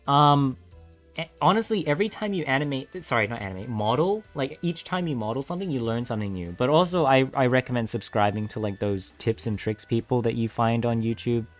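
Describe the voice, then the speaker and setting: A man's voice: medium pitch, animated, brisk, faint music behind. A young man live-streaming his game coding, chatting casually with viewers, easily distracted and laughing often.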